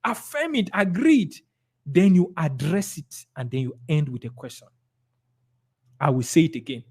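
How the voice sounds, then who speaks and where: A man with a Nigerian accent coaches a room on closing sales. He is emphatic, drills key words again and again, and acts out little dialogues with clients. His voice sits a bit higher than most men's. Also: lively intonation, moderate pace, darkish tone, breathy edge. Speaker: sales trainer. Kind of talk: live sales training talk.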